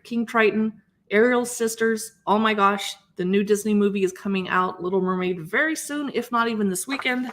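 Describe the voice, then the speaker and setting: A woman hosting a casual live stream, chatting enthusiastically as she flips through cookbooks and muses aloud over recipes. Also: medium pitch. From Seattle area. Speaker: cookbook channel host.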